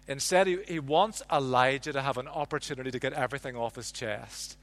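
A man preaching a sermon, telling the story with lively ups and downs and dropping to a hush for quiet lines. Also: mid-range voice, fairly quick, few pauses. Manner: animated storytelling, drops to a hush on quotes. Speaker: pastor.

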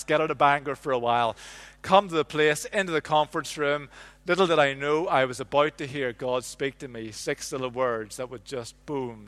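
A man preaching a sermon, telling the story with lively ups and downs and dropping to a hush for quiet lines. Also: fairly high pitch, smooth. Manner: animated storytelling, drops to a hush on quotes. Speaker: pastor.

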